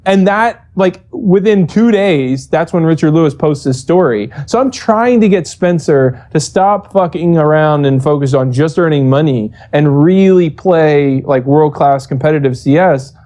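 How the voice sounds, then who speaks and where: Brief: animated, profane male coach telling a heated story; warm, relaxed voice. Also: fairly high pitch, unhurried, hardly any pauses. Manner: profane, animated, acts out quoted exchanges. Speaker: esports coach. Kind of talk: casual storytelling interview.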